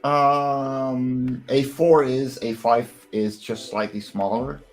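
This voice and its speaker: A man's voice: mid-range voice, fairly even intonation, slow pace, soft background music. A man co-hosting a casual online drawing stream, explaining his work as he thinks aloud. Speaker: stream co-host and comic creator. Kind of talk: casual chat while lettering comics live.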